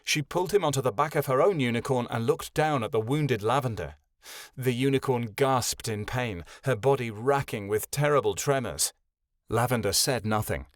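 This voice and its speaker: A man narrating a fantasy audiobook in a measured, dramatic storytelling way, close to the mic. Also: medium pitch, dry recording. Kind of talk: scripted narration.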